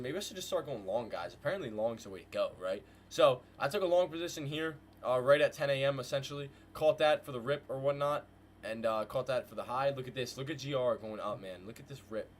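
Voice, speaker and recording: A man hosting a live trading stream, calling market moves to his viewers in a hyped, slangy way and repeating phrases in quick bursts. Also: medium pitch, a little hiss or hum. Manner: hyped, slangy, talks to chat with "guys" and "bro". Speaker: trading livestream host. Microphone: desk mic with headphones.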